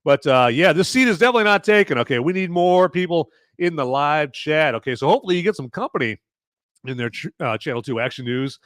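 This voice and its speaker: A man's voice: on the high side, a little fast, fairly bright tone, dry recording, studio quality. A man hosting a live-stream podcast as he reviews a movie, talking casually and rambling, often repeating words and tagging "okay?" onto his points. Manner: thanks viewers by name for donations.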